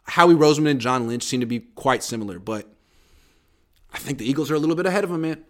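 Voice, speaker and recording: Animated man talking sports. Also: medium pitch, quick pace. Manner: animated, emphatic, restarts often. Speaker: podcast co-host. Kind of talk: casual sports chat.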